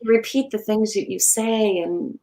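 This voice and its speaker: A woman, a voice actress, chatting as an interview guest, laughing easily and talking with lively phrasing. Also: medium pitch, a little slow. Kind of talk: casual chat.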